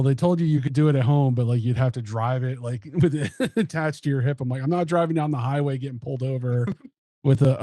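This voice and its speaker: Rambling laid-back comedian, mellow voice. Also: male voice, medium pitch, no echo, studio quality. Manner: rambling, laughs through his stories. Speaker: comedian and podcast co-host. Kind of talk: casual chat.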